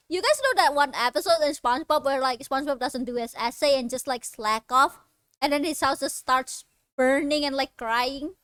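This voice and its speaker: A woman streaming a video game, chatting casually, giggly and excitable. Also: high-pitched, moderate pace, slight background noise. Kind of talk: casual let's-play commentary.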